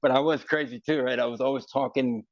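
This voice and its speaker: Gravelly male guest, loose storyteller, dry lo-fi recording. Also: mid-range voice, fast, dry recording. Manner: rambling, animated storytelling. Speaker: musician guest. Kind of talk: casual interview.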